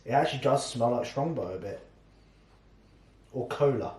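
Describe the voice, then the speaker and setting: A man's voice: mid-range voice, lively intonation, normal speed, a little mellow, roomy sound. A man, a fitness vlogger and coach, chatting casually and jokingly through a product review and swearing freely.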